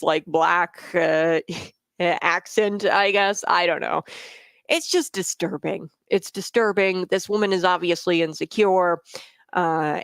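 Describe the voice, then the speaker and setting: A woman's voice: on the low side, no echo. A woman hosting talk radio, giving blunt, scornful political commentary peppered with "uh" and "okay?". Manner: blunt and scornful, with frequent "uh" fillers and "okay?" tags.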